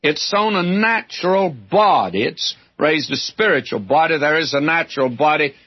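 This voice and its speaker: Older guy preaching, folksy and emphatic, kinda husky, dull lo-fi old tape. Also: fairly high pitch, lively intonation, moderate pace, dry recording. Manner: folksy, emphatic Bible teaching. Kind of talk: sermon.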